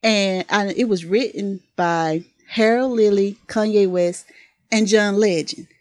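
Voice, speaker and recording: A woman from Mississippi with a Southern accent, co-hosting a casual podcast chat, enthusiastic and quick to laugh. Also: medium pitch. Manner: animated, laughs often, enthusiastic. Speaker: podcast co-host.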